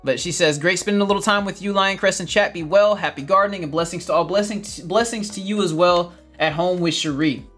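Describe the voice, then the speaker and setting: A man's voice: sits high, brisk, hardly any pauses, a bit bright, faint music behind. Chatty man hosting a garden livestream. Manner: laughs often, repeats phrases, upbeat and chatty. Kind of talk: casual livestream chat reading viewer comments.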